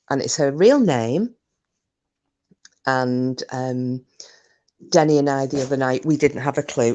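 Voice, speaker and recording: A woman's voice: a bass voice, measured pace, long pauses, dark tone. A woman hosting a live stream, rambling in casual chat with plenty of fillers and breaking off to greet viewers by name. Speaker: livestream host.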